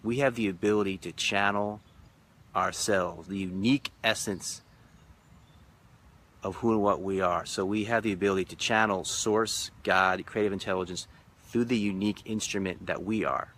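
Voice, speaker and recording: A man's voice: fairly low pitch, fairly even intonation, moderate pace, fairly bright tone. A man who leads spiritual retreats, giving a reflective live-stream talk with repetitive, emphatic, rhythmic phrasing. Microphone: phone or webcam live stream.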